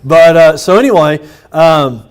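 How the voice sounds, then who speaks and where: Pastor, rambling and chuckling. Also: male voice, a little high, unhurried, smooth. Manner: rambling and personal, with restarts and chuckles. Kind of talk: conversational Bible study teaching.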